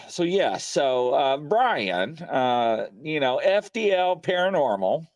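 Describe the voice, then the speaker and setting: A man hosts a paranormal show from his home studio in a casual live-stream style. His voice sits a little high and swings widely in pitch as he rambles through stories with plenty of fillers. The sound is close and dry. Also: slow, dry recording. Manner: rambling, animated storyteller with many fillers.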